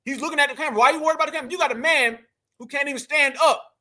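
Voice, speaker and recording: A commentary channel host with an extremely high-pitched, sharp voice races along as he reacts to video clips. He talks emphatically straight to viewers, repeating phrases and calling them family.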